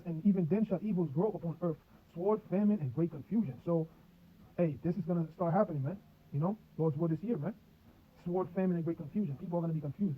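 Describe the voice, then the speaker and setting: A man preaching on scripture, reading verses and then breaking them down in loose street slang. He talks quickly in a fairly high voice, and the sound is thin and phone-like with faint music underneath. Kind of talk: scripture teaching.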